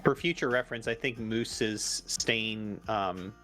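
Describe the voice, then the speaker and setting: Matter-of-fact male organizer, lower voice, faint music behind. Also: a little slow, pushed and bright. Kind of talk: calm instructions. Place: online voice call.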